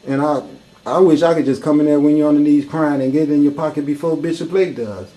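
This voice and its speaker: A man's voice: on the high side, fairly even intonation, quick pace, dark tone, low-quality recording. A man giving an impassioned, profane talk full of rhetorical questions. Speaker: speaker in a discussion.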